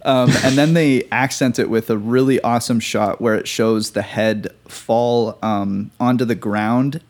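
A man co-hosting a podcast, talking about a film casually and enthusiastically with filler words. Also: fairly low pitch. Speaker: podcast co-host.

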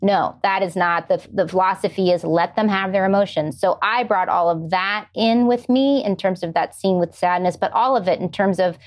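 A woman's voice: on the low side, normal speed, few pauses. Earnest middle-aged woman explaining her craft. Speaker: screenwriter guest. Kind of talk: podcast interview answers.

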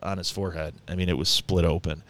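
A man casually telling a long, rambling story in conversation, animated and often breaking into laughter. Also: deep voice, fast talker, a little hiss or hum.

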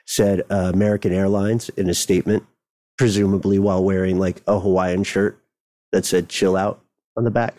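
A man hosting a casual comedy talk show, joking and making quick asides as he talks with his co-host. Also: sits low. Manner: jokey, animated, quick asides. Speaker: podcast host.

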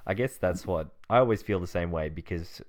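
A man's voice: low voice, fairly quick. A young man hosting a podcast interview in a dry, joking way, laughing easily. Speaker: podcast host. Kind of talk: casual interview chat.

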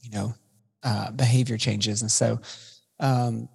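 A man's voice: mid-range voice, level tone, slow pace, vocal fry, husky. A man co-hosting a casual podcast conversation, rambling, restarting his sentences and filling the gaps with ums. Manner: rambling, with frequent restarts and fillers. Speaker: podcast co-host. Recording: long reverb in the room.

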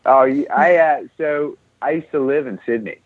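A man's voice: medium pitch, moderate pace, dry recording. An American man calling in, chatty and laughing easily about running. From United States. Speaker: guest runner on the phone. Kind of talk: casual phone chat. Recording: tinny phone line.

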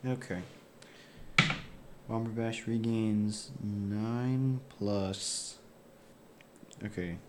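A man plays a character in a tabletop game. He speaks earnestly and reassuringly in a low voice, with faint noise behind him. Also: fairly even intonation, drawn-out words, pauses often, mellow. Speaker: player. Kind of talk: tabletop role-play.

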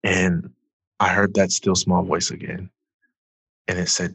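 A man, a former athlete and author, earnestly telling his personal story as a guest, loose and full of "like", turning loud when he acts out past outbursts. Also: low voice, little pitch movement, measured pace, creaky, breathy edge, no echo. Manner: earnest, loose, heavy use of "like".

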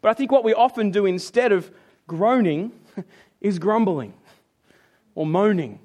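An unhurried male preacher delivers an animated sermon, acting out complaining voices and going low and quiet whenever he reads scripture.

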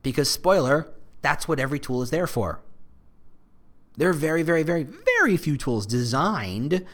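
A man's voice: on the high side, normal speed. A man hosting a podcast, chatty and direct, with plenty of playful asides. His voice swings widely up and down as he talks. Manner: animated, jokey asides, speaks directly to listeners. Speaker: podcast host. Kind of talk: casual solo podcast monologue.

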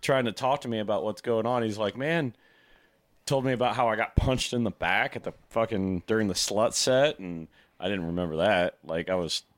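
A young man co-hosting a casual beer-tasting chat, telling stories in a relaxed, drawn-out way with many fillers. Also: lowish voice, no echo. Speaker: podcast co-host.

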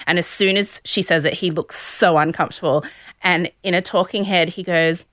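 A woman's voice: fairly low pitch, brisk, a bit bright, dry recording, studio quality. A young woman hosting a podcast, casually recapping a show with sarcastic asides and acted-out quotes. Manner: sarcastic storytelling, acting out quotes. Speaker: podcast host.

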